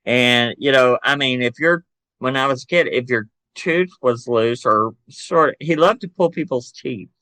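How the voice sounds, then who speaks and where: An older man with a Southern American accent, telling animated family stories as a podcast guest and acting out voices. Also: mid-range voice, moderate pace, no echo. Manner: animated storyteller who acts out relatives' voices. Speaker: podcast guest, psychic medium and author. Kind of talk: casual storytelling interview.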